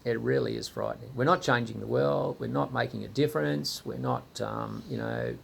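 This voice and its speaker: A man's voice: mid-range voice, steady tone, normal speed, vocal fry, slight background noise. A man, a church leader giving a casual, exasperated preaching talk and rambling with lots of "you know"s.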